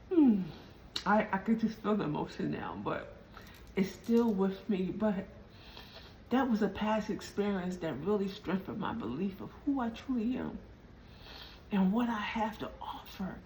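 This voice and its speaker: A woman hosting a motivational podcast, telling a personal story and slowly repeating her questions for emphasis. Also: mid-range voice, warm tone. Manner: slow, emphatic repetition of questions. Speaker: podcast host. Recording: distant mic with faint background noise.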